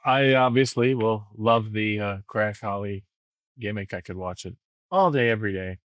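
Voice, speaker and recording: A man's voice: lowish voice, normal speed, fairly bright tone, no room sound. A middle-aged man, a former wrestling writer, chatting loosely on a podcast and acting out lines he remembers. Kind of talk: casual podcast chat.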